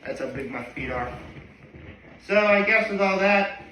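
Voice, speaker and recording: A man casually reading through a manga chapter and reacting as he goes, chatty and excitable. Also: high voice, reverberant, distant mic, slight background noise, poor audio. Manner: chatty, excitable, reads lines in quick voices.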